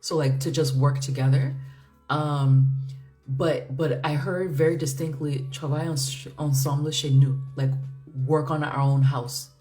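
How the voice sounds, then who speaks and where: A woman with a low-pitched voice gives a casual tarot reading, thinking aloud as she goes. She rambles in a chatty way, with plenty of fillers and frequent laughter. Soft music plays faintly underneath. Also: fairly even intonation, unhurried. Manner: chatty, musing, laughs often, many fillers. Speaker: tarot reader.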